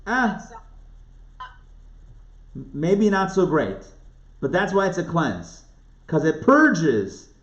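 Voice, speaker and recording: A man's voice: on the high side, wildly swooping pitch, takes it slowly, pauses often. A man giving a casual Torah lesson as a rabbi, talking conversationally and asking his listeners questions. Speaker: rabbi teaching a live online class. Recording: echoey room, dull lo-fi sound.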